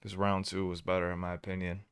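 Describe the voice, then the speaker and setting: A man hosting a reaction video in casual commentary, talking excitably with stumbling restarts and sudden jumps from loud outbursts to quiet mutters. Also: low-pitched, fast, clear, resonant tone, no room sound, clean studio sound.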